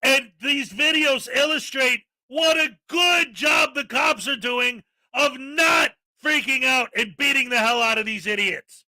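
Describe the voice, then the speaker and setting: A man hosts a commentary video in an exasperated, sarcastic rant. His voice sits very high, with a sharp, piercingly bright edge. He talks like he has run out of patience. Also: a little slow, hardly any pauses, dry recording, low-quality recording. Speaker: commentary channel host.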